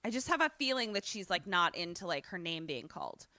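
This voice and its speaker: A woman's voice: lowish voice, sing-song, brisk, sharp tone, no room sound, clean studio sound. A young woman co-hosting a podcast, joking brashly in casual chat. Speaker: podcast co-host.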